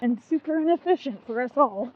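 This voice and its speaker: A woman's voice: high voice, lively intonation, a little fast, highs cut off. A woman co-hosting a casual running podcast, chatty and giggly, full of likes and ums. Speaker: podcast co-host. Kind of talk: casual chat.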